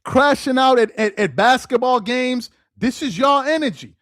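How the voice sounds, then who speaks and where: A man's voice: extremely high pitch, normal speed, a bit bright, dry recording. Fired-up man ranting in a dry room. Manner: heated, mocking, repetitive rhetorical questions. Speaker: sports commentary host. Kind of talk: casual ranting commentary.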